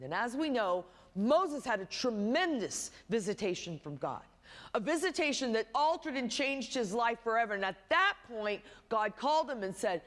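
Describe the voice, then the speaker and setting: Woman pastor: animated, up-and-down sermon delivery with wry humour. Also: on the high side, normal speed, long reverb tail. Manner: storytelling with humorous asides.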